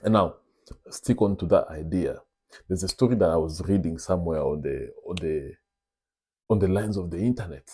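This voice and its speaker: A young man tells a story to his audience in an animated, confiding way, calling them brothers. His voice is low and dark, with a husky edge. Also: normal speed. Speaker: vlog host. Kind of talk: casual storytelling monologue.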